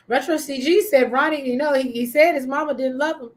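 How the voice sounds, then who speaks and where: A woman's voice: sits high, normal speed. A woman co-hosting a casual TV recap show, reading viewer comments aloud and laughing as she talks.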